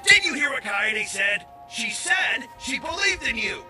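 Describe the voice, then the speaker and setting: Video game hothead, young man, high lively voice, shouting scolding delivery. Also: unhurried, soft background music, exaggerated voice. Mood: angry. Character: hot-headed young male astronaut student, brash.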